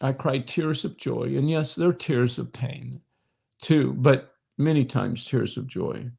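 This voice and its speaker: A middle-aged man leading an online prayer talk, speaking straight to viewers with emotion, swelling to impassioned peaks and sinking soft again. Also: mid-range voice, measured pace, vocal fry, husky. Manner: direct address to viewers, frequent fillers. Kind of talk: livestream devotional talk.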